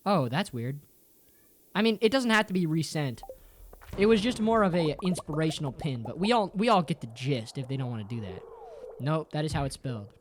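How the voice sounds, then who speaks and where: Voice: animated, fairly quick, a little hiss or hum. A streamer chatting casually with viewers in a playful, jokey way, swearing a lot and ending sentences with "bro". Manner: playful and jokey, with big jumps up and down in pitch. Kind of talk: casual livestream chat with viewers.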